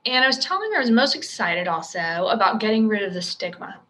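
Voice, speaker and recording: Bright chatty lady doing her own podcast, upbeat, cracks little jokes at herself. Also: mid-range voice, expressive, fast, a little hiss or hum, poor audio. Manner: chatty, upbeat, self-joking asides. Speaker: podcast host, pediatrician. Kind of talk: casual solo podcast talk.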